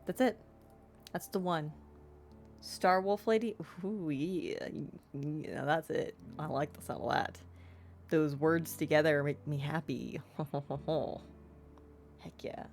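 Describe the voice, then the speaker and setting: A woman's voice: deep voice, slow pace, long pauses, soft background music. Bubbly, giggly young woman streamer. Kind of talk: casual game stream chat.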